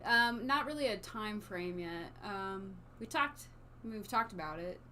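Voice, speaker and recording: A woman's voice: medium pitch, unhurried, a little hiss or hum. Easygoing woman with a slight Southern accent. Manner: relaxed, laughs easily. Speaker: co-host. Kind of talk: casual live-stream chat.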